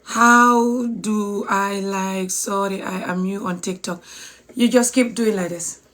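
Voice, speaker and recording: A woman's voice: mid-range voice, fairly even intonation, slow, fairly bright tone. A woman giving a casual language lesson on social media, talking to her viewers, repeating words and spelling them out letter by letter. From Gambia. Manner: chatty, addresses viewers as guys. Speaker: language teacher.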